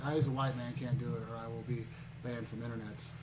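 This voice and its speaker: A man's voice: mid-range voice, level tone, quick pace. Teasing man on a noisy podcast. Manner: crude, teasing banter. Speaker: podcast co-host. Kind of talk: casual chat. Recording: noisy background.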